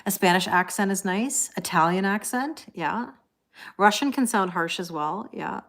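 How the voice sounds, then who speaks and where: A woman's voice: medium pitch, lively intonation, a little slow, creaky, fairly bright tone. A chatty woman in her forties hosts a casual live stream as a tarot reader. She talks in a loose, friendly flow, laughs easily and reads viewer comments aloud as she goes. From Canada.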